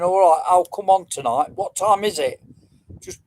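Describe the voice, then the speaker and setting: A man's voice: high-pitched, steady tone, moderate pace, darkish tone, slight background noise, poor audio. A middle-aged man, rambling casually as he hosts a livestream quiz and chats with viewers. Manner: chatty, rambling, answering comments.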